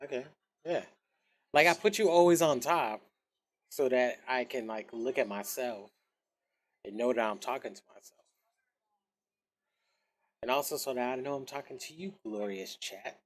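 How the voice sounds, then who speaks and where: A man's voice: mid-range voice, moderate pace, long pauses. A man streaming a video game, chatting casually with his viewers in a loose, rambling way, swearing now and then and humming little scat noises. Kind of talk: casual gaming stream chat.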